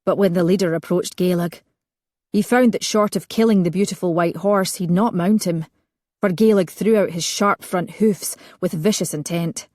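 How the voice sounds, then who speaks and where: A woman narrating a romance audiobook with measured storytelling. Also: on the low side, darkish tone, dry recording, studio quality.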